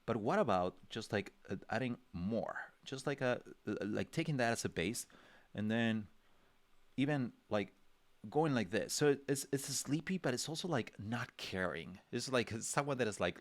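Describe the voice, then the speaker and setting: A man with a mid-range voice, recorded with no echo, guides a livestream drawing lesson. He's chatty and rambling, with many fillers and restarts, and gives characters' reactions in small voices.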